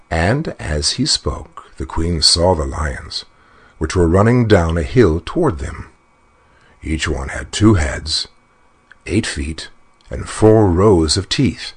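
A man reading a fairy tale aloud in an expressive, unhurried storybook narration. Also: sits low, slightly rough.

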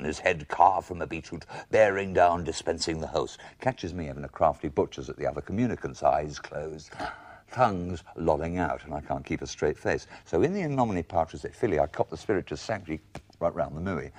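A man's voice: rumbling low, a little mellow. An English man telling a spoken-word memoir in wry, ornate, theatrical language. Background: instrumental music.

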